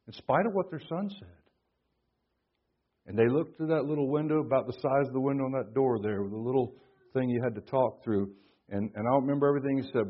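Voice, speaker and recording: Male preacher, husky, dramatic dynamic swings, muffled recording. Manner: dramatic swings from hushed to booming emphasis. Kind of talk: sermon. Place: conference hall.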